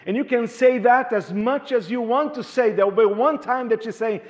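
High voiced pastor preaching, animated, repeats himself, cracks jokes. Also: male voice, moderate pace. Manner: animated, repetitive, joking with the congregation. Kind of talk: sermon.

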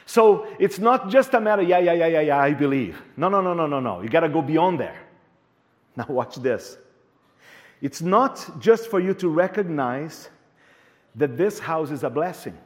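A male pastor preaching a sermon in an animated way, repeating words and joking with the congregation. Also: a little high, unhurried.

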